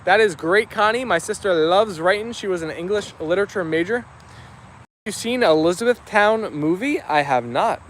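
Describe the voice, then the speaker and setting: A man with a high, light voice chats casually on a live stream outdoors. He reads viewer comments aloud and answers each one in an easy, friendly way. A faint hum of outdoor noise sits under his voice. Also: lively intonation, moderate pace, fairly bright tone.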